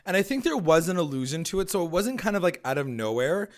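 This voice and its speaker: Male podcast co-host, casual and profane, mid-range voice, animated quoting of characters. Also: sits high, fast. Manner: loose, profane, acts out characters' lines. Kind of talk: casual recap chat.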